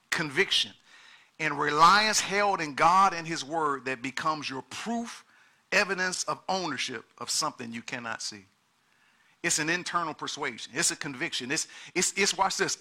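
Bright-voiced preacher man, fervent. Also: moderate pace. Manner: emphatic preaching that swings from low and quiet to shouted peaks; repetitive exhortations to the congregation. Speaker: pastor. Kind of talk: sermon.

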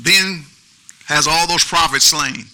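A pastor preaching an animated sermon with features, calling out to the congregation. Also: male voice, fairly high pitch, slow, low-quality recording. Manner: animated preaching with call-and-response asides.

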